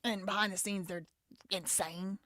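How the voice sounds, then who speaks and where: A woman's voice: mid-range voice, steady tone, moderate pace, pushed and bright, a little hiss or hum. A woman hosting a live commentary show, talking in a heated, blunt and profane way. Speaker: show host.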